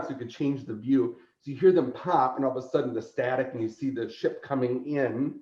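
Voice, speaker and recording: A man, a convention organizer appearing as a podcast guest, telling an animated story, laughing often and acting out quotes. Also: mid-range voice, brisk, hardly any pauses. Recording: roomy echo, dull lo-fi sound.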